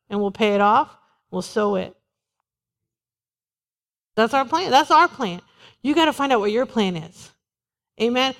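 A woman pastor preaching a sermon in a church, talking in a conversational way and repeating short refrains. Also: on the high side. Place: church sanctuary. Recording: long hall reverb.

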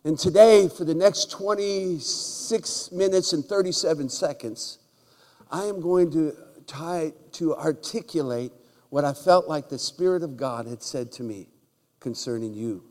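A man preaching a humorous sermon in a church, telling jokey stories and breaking into loud shouts. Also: fairly high pitch, a little slow. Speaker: guest preacher. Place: church sanctuary. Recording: large hall with long reverb.

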